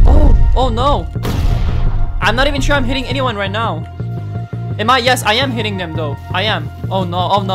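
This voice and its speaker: With a high voice, this young gaming-channel host delivers excitable play-by-play, shouting out reactions and mocking the players he's up against.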